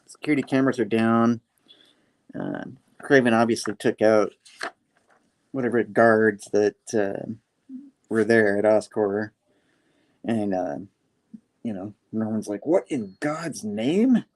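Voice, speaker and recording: A comic book reviewer recaps an issue in a rambling, casual way, heavy with fillers and quoted character lines. His voice is lowish and level, unhurried, with frequent pauses.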